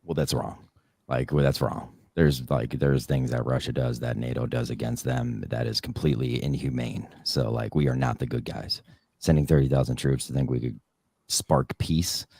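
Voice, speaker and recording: A man's voice: very deep voice, steady tone, normal speed, vocal fry, darkish tone, slightly rough, no echo, studio quality. A man in a heated casual debate, blunt and dismissive, swearing often. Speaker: podcast co-host.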